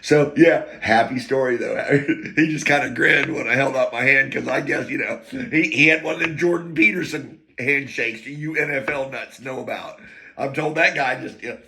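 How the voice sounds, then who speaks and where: A man's voice: medium pitch, normal speed, creaky, sharp tone. A man telling rambling stories in a casual monologue, laughing between lines and drifting into asides and talk to himself. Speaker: podcast host telling stories.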